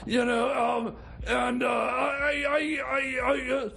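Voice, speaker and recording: A man's voice: extremely high pitch, little pitch movement, slow pace, creaky, sharp tone, raised voice. A man co-hosting a comedy radio show, stammering and hesitant, full of fillers.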